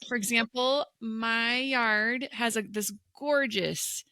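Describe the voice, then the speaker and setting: A woman in her thirties hosting a podcast, chatting and telling stories in a lively, animated way on a close mic. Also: a little high, takes it slowly, no echo. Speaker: podcast host. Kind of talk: casual podcast chat.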